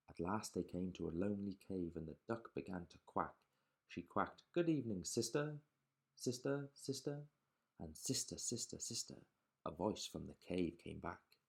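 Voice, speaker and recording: A man reading a children's picture book aloud in a lively, sing-song storytelling way. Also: deep voice, normal speed, vocal fry.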